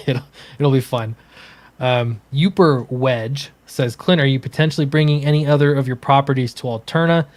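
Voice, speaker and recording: A man who makes comics, co-hosting a casual livestream, easygoing and halting, with many fillers. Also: mid-range voice, no room sound. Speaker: comics creator and co-host.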